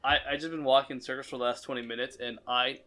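A laid-back man co-hosts a casual conversation about games and jobs. He swears freely and laughs easily. His voice has a bright, forceful edge. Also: mid-range voice, fairly even intonation, fast talker, a little hiss or hum. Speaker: co-host. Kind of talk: casual chat.

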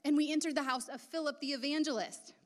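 A woman's voice: high-pitched, steady tone, fast. A woman preaching a sermon in a casual, chatty way, full of asides. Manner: casual and chatty, many asides and filler words. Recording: long reverb of a large hall.

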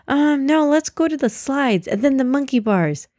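Uma mulher fazendo uma menininha animada. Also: female voice, sits high, expressive, moderate pace, a little mellow, no room sound, studio quality, pitched above the performer's own voice. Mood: eager. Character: young girl, lively and outspoken.

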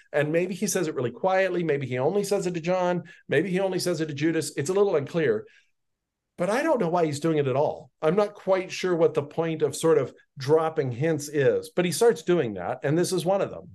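A man's voice: on the high side, a little mellow. A man teaching a Bible passage on a podcast in a conversational way, reading verses aloud and then paraphrasing them in his own words. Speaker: pastor.

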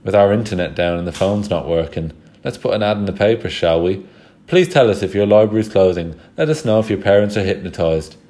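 A man voicing a hot-headed schoolboy in a storybook reading, sharp and sarcastic. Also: fairly low pitch, lively intonation, brisk, close to an everyday voice.

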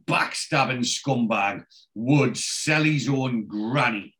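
A man casually retelling a TV episode as a podcast host, animated and full of voices. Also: mid-range voice, a little slow. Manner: animated storyteller, doing voices.

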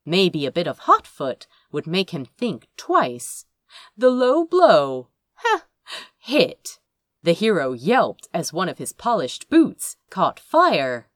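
A woman narrating a fantasy audiobook in an expressive, wry storytelling manner. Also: lowish voice, no echo, studio quality.

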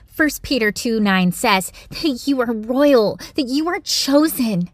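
Earnest woman giving a gentle devotional. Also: on the high side, animated, takes it slowly, no echo, studio quality. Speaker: Christian devotional speaker. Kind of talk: devotional teaching.

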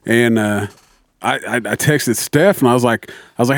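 A man's voice: mid-range voice, normal speed, no echo, clean studio sound. A man in casual chat, telling a story with lots of swearing and quoted back-and-forth. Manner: profane, animated storytelling with quoted dialogue.

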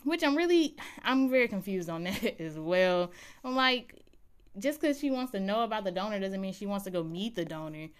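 A woman's voice: mid-range voice, sing-song, moderate pace, smooth. A woman chatting animatedly as she recaps a TV episode for her viewers. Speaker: TV recap vlogger.

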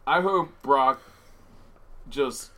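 A man's voice: medium pitch, drawn-out words, pushed and bright. A man co-hosting a podcast, joking and teasing his co-hosts in casual chat. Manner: teasing, joking, laughs often. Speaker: podcast co-host.

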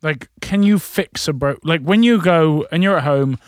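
A man's voice: on the high side, moderate pace, dry recording, studio quality. A man co-hosting a podcast, chatting casually and chiming in with reactions and questions. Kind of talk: casual chat.

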